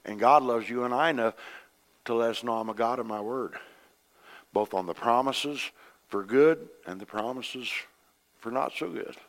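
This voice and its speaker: A middle-aged man, a pastor preaching a sermon, animated, acting out voices in his stories and swinging between loud and soft. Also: mid-range voice, moderate pace, pauses often. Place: church sanctuary. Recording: long reverb of a church hall.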